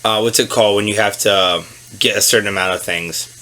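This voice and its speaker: A man hosting a casual chat, telling stories with lots of swearing and loud put-on voices. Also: lowish voice, fairly quick. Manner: storytelling, swearing, loud animated impressions. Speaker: podcast host. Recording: faint background noise.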